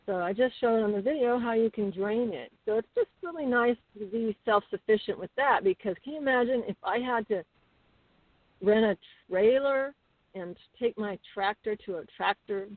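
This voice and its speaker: A woman's voice: a little high, normal speed, no echo. Chatty middle-aged woman on a tinny call. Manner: chatty, animated storyteller with many fillers. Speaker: guest. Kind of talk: casual interview storytelling. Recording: tinny phone-like call audio.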